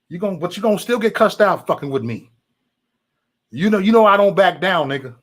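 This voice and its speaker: Streamer, male, heated and profane, repeats himself, animated pitch; chatting to his audience. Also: brisk. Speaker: livestream host. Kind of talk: casual livestream rant to chat.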